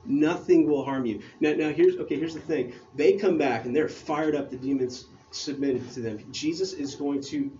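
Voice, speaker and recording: A man with a high voice preaches a casual, conversational sermon, getting excited, dropping slang and stumbling over his words as he reads scripture aloud. The sound is a bit dull, with faint room noise behind him. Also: moderate pace, hardly any pauses.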